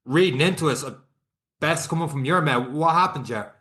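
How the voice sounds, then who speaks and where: A man hosting a podcast, asking his guest a question in a halting way. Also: on the high side, bright, forceful tone. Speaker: podcast host. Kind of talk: interview question.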